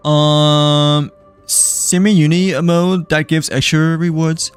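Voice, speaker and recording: A man's voice: on the high side, little pitch movement, slow pace, clear, resonant tone, soft background music. A young man chatting casually while streaming a game, rambling with lots of filler words and trailing off. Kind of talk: casual live-stream chat.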